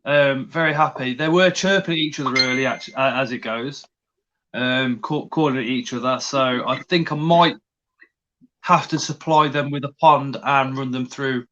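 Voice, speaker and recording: A man's voice: medium pitch, fairly even intonation, normal speed, a bit bright, lo-fi sound, a little hiss or hum. A man hosting a casual livestream, greeting viewers in the chat and talking in a hesitant way with many restarts. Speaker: livestream host.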